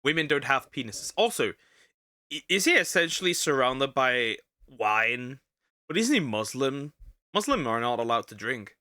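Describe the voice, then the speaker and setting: A male VTuber hosts a video reaction, talking casually and sarcastically with lively energy while often stumbling and repeating himself. His voice is mid-range at a moderate pace, with clean studio sound and no room noise.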